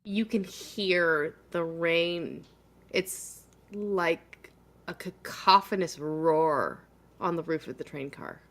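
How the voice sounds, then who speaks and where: A woman narrating a tabletop horror game as game master, slow and atmospheric, breaking into laughs. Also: fairly low pitch, a bit bright.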